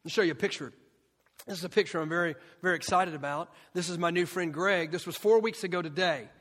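A man's voice: sits high, fast, fairly bright tone. A man preaching a sermon with passion, asking the crowd questions and repeating his phrases for weight. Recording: long hall reverb.

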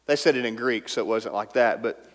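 A man's voice: mid-range voice, fairly quick. Man preaching in a reverberant hall. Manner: emphatic, drops to a soft intimate tone at times. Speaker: pastor. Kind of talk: sermon. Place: church sanctuary.

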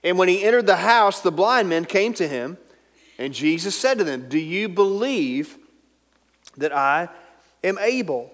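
A pastor preaching a sermon, emphatic and at times dropping to a soft, intimate tone. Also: male voice, high voice, very animated, a little slow. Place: church sanctuary. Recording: long hall reverb.

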